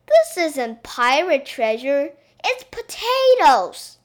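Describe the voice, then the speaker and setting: A woman voicing a naughty little girl princess who plays pirate, pouty and excitable. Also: fairly high pitch, takes it slowly, heavily acted. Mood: pouty excited.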